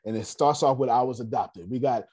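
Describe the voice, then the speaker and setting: A man leading a class in a casual, animated way, telling stories and talking straight to his audience. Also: medium pitch, brisk, breathy edge. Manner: animated, digressive, addresses the audience directly. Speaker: class leader. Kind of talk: casual teaching and storytelling.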